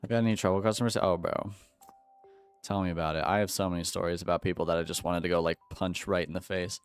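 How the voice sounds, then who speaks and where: A man's voice: sits low, fairly even intonation, quick pace, clean tone, faint music behind. A man streaming while he plays a game, chatting casually with his viewers in a joking, slangy way. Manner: joking, slangy, talks to chat. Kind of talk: casual live-stream chat while gaming.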